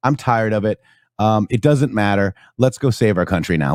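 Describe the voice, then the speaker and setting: A man's voice: fairly low pitch, lively intonation, moderate pace, no room sound, clean studio sound. A man hosting a political talk show, talking casually and rambling with many fillers. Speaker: show host.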